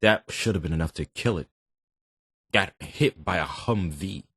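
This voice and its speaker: A man hosting a reaction video, talking in animated, joking, slangy banter. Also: sits low, a little slow, heavy background noise. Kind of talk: casual reaction commentary.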